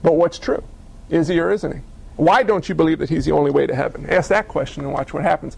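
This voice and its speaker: A male pastor preaching a sermon, lively and full of rhetorical questions and wry asides. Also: on the high side, fast, gravelly, breathy edge.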